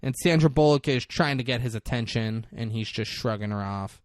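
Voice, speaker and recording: With a medium-pitched voice at a moderate pace, this man co-hosts a podcast and runs through a film's plot casually, cursing a lot and voicing the characters himself. The recording is clean studio sound with no room tone.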